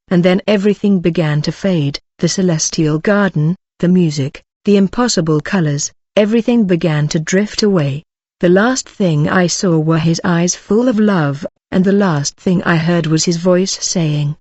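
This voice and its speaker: A woman's voice: fairly low pitch, moderate pace, dark tone, dry recording, highs cut off. A woman telling a first-person story in earnest, dramatic scripted narration.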